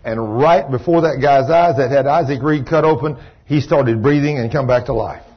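A man preaching a sermon, telling a story with lively emphasis and asking the congregation questions. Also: mid-range voice, moderate pace, breathy edge. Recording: dull lo-fi recording.

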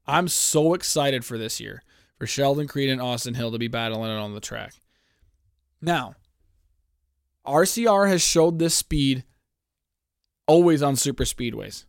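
A man's voice: mid-range voice, vocal fry, clean tone, no room sound, clean studio sound. A man from Canada hosting a casual sports podcast, ranting in a profane, heated, rambling way. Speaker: podcast host.

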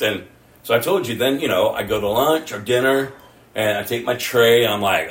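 A man's voice: mid-range voice, a little fast, a bit bright. A man preaching a sermon, telling stories and acting out his own prayers and other people's words. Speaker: pastor. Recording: echoey room, mic at a distance.

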